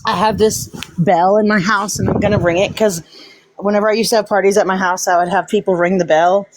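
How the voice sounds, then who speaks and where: A woman's voice: mid-range voice, steady tone, a little fast, background noise. Chatty, foul-mouthed woman on a live stream. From Texas, USA. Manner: swears casually, laughs often, chatty. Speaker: livestream host. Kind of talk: casual live-stream chat. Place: at home.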